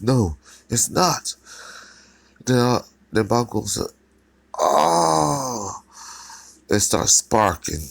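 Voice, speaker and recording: A man's voice: lowish voice, gravelly, no room sound. A man narrating a fan story in a casual, rambling way with fillers and restarts.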